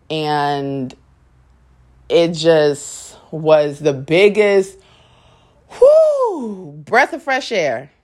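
A young adult woman telling a personal story to her viewers in a blunt, profane, candid way, often acting out what people said. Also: mid-range voice. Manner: dramatic storyteller, acts out quotes. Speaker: vlogger.

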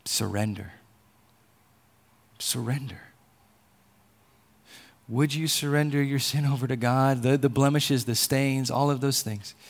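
A man's voice: medium pitch, steady tone, moderate pace, hardly any pauses. A man preaching a sermon in an earnest tone, often repeating phrases. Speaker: pastor.

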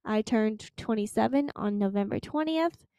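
A woman in her twenties from Florida, hosting a casual solo podcast, chatty and emphatic, slowing down to stress her points. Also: on the high side, dark tone, clear, resonant tone, dry recording, studio quality. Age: 20s. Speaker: podcast host.

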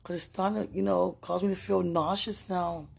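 A woman recording an emotional spoken message to a loved one, halting and sighing, dropping to breathy whispers at times. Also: on the low side, fairly even intonation. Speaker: podcaster.

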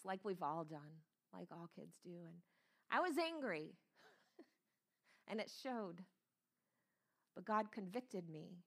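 A woman preaching a sermon, emphatic and earnest, repeating key phrases and stretching words for weight. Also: on the low side. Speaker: pastor, speaker.

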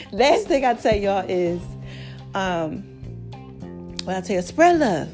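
A woman hosting a casual motivational podcast, preachy and animated, her voice cracking and tired. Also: medium pitch, measured pace, long pauses, faint music behind. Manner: preachy, animated, calls listeners baby and child. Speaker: podcast host.

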